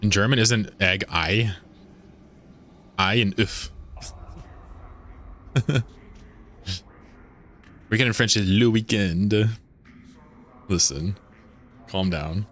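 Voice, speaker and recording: Low-voiced, joking male streamer. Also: extremely slow, long pauses, a bit bright. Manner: joking, rambling, swears casually. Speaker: game streamer. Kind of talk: casual live-stream chat.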